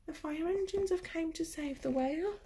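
A woman reading a picture book aloud to children in a gentle, sing-song way, stopping to ask them questions and sometimes dropping to a whisper. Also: very high voice, normal speed.

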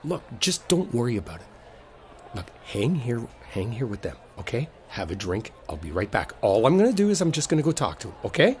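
A man's voice: mid-range voice, sing-song, brisk, a little hiss or hum. A man voicing a protective boyfriend in a role-play audio, often swearing. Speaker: ASMR audio performer playing a protective boyfriend.

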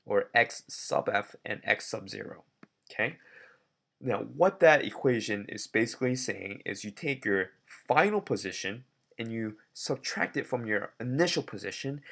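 A man's voice: lowish voice, fairly bright tone. A man teaching a physics lesson, mixing in playful, jokey asides. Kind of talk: classroom lesson.

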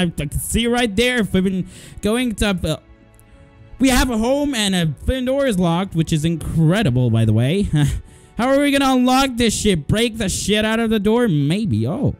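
Young man, let's play commentary, high voice, very lively, loud, joking, swearing, faint game music behind. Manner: loud, joking, swears a lot, laughs often. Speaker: gaming video host.

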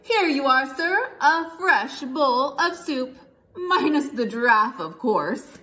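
A woman's voice: high-pitched, animated, slow pace, bright, forceful tone, soft background music, full character voice. A woman voicing a polite, formal male waiter in a fine restaurant, speaking in a courteous, prim manner.

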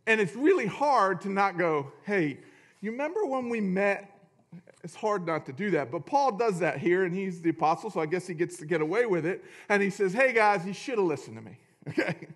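A man preaching a sermon in a church, animated and jokey, reading scripture aloud between asides. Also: high-pitched, normal speed. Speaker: pastor.

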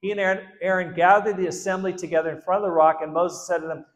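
A man preaching a sermon as pastor, animated, swinging between loud outbursts and quiet asides and acting out the quotes. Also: high-pitched, fairly quick, few pauses, echoey room. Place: church hall.

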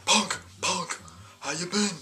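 A man's voice: high voice, slow, heavy background noise, voice pushed up. Man doing an oily, smug wrestling boss. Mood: falsely friendly.

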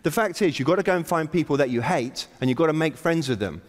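A man's voice: a little high, quick pace. A man giving a conference opening address from the stage, wry and self-deprecating as he urges the audience to act. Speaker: keynote speaker. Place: large conference hall stage. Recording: long reverb of a big hall.

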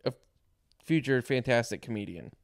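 A man co-hosting a podcast in casual chat, laughing often and reacting quickly with banter. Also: medium pitch, animated, gravelly, dry recording, studio quality. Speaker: podcast co-host.

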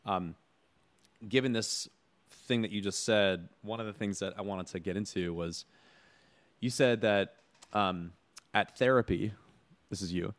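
Male interviewer, low-pitched, reflective, restarts his sentences while he searches for words. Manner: warm-hearted, halting, searching for words. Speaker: interviewer host.

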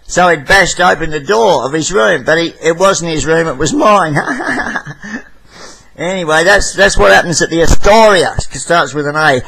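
A man's voice: fairly high pitch, animated, moderate pace, gravelly, bright, forceful tone, a little hiss or hum, rough recording. An Australian man telling a rambling vlog story, blunt and profane, with stammered restarts. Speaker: vlogger.

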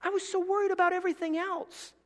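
A man from Alabama with a Southern accent, preaching a sermon in a church and telling a story, moving from hushed tones to loud bursts. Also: extremely high pitch, quick pace, big-room sound. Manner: animated, swings from hushed to loud, acts out voices. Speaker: pastor. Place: church sanctuary.

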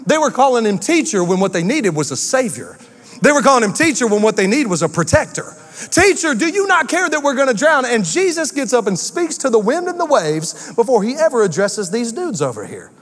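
A male pastor preaching a sermon in a church, acting out quotes with shifts in pitch and pace. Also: wildly swooping pitch, fairly quick, long reverb tail.

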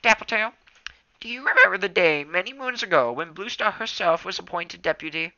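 A man's voice: sits high, animated, fairly quick, pushed and bright, muffled recording, pitched above the performer's own voice, heavily acted. A young man voicing a half-blind, hard-of-hearing old elder cat, querulous, in a storybook reading.

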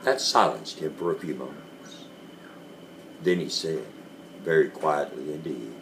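Man, very deep voice, unhurried dramatic story reading, deliberate pauses. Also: fairly bright tone, slight background noise. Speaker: reader.

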